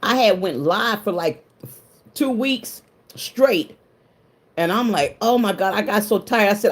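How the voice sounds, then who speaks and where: Animated yet measured in pace, this mid-range female voice belongs to a livestream host. She keeps things casual, greeting viewers by name, sharing emotional confidences, and laughing frequently.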